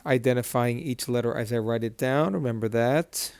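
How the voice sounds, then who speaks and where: Male teacher, mid-pitched, close dry mic, patient and repetitive, breaks words into syllables. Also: darkish tone, clean tone, no room sound. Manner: patient, repeats each syllable slowly. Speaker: Hebrew reading teacher. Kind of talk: whiteboard lesson.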